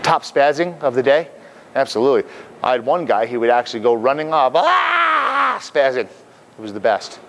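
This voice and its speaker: A man's voice: mid-range voice, a little fast. A man trainer explaining exercise moves in an upbeat, playful way, often checking in with "okay?", recorded outdoors on a hilltop. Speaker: fitness trainer. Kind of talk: instructional demonstration.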